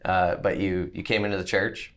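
A man's voice: low voice, little pitch movement, normal speed, a bit bright. A man hosting a podcast, closing out the episode with thanks and contact details. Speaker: podcast host.

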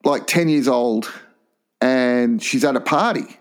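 A man sharing gossip in casual chat, swearing and speeding up as he tells a story. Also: mid-range voice. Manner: gossipy, swears, fast when excited.

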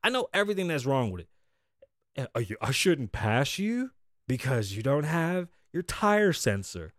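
A man's voice: mid-range voice, measured pace, no echo, clean studio sound. A man hosting a podcast, telling stories in a casual, profane, exasperated rant. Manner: profane, animated, exasperated storytelling. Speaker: podcast host. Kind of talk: casual ranting monologue.

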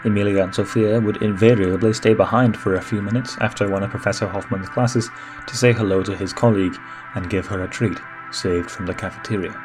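A man with a fairly low voice reads a story aloud in a steady, even manner. A clear music bed runs beneath his narration. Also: a little fast.

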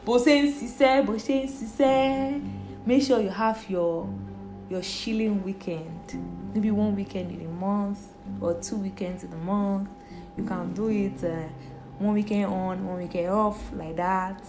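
A woman's voice: mid-range voice, fairly even intonation, measured pace, music in the background. Playful Nigerian woman podcasting in an echoey room. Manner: playful, chatty, jumps between loud bursts and quiet asides. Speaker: podcast host. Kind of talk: casual solo podcast chat.

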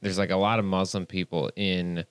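A man's voice: sits low, little pitch movement, moderate pace, clear, resonant tone, dry recording. A man co-hosting a podcast, joking around and doing goofy voices in casual banter. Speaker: podcast co-host.

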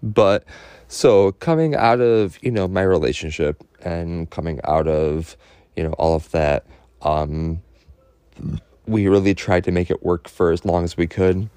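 A man telling a personal story in a halting, earnest way, full of fillers and restarts, openly emotional. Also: sits low, warm tone, clear, resonant tone, no echo.

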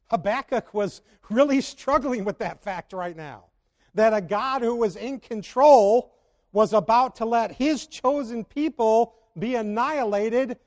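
A man's voice: very high voice, darkish tone. A man preaching a sermon and asking the congregation rhetorical questions. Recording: long hall reverb.

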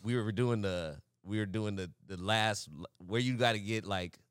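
A man's voice: on the low side, moderate pace, clean tone, dry recording, studio quality. A young man co-hosting a podcast, telling a story in casual chat, acting out the quotes and laughing often. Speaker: podcast co-host.

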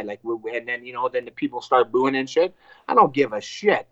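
A man, a fighter, telling a fight story in casual chat, animated and profane, acting out what people said. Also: mid-range voice, fairly quick, no echo, highs cut off. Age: adult with wife and two kids. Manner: animated, profane, acts out quotes.

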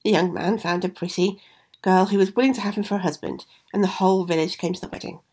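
Gravelly, husky woman reading a fairy tale. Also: lowish voice, fairly even intonation, quick pace, dark tone. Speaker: storyteller.

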